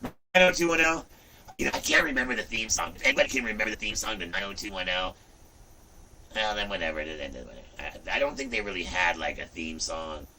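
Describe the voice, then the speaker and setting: A man in his fifties hosting a livestream, chatting casually in an animated, rambling way, often saying "look" and "you know". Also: on the low side, brisk, far from the mic, slight background noise, rough recording. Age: 50s. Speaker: livestream host.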